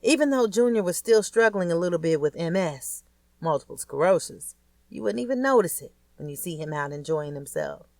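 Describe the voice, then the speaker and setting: Woman, lowish voice, candid streetwise audiobook narrator, dry booth sound. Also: lively intonation, normal speed, a little mellow, no echo. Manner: blunt, crude, streetwise storytelling. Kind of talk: first-person audiobook narration.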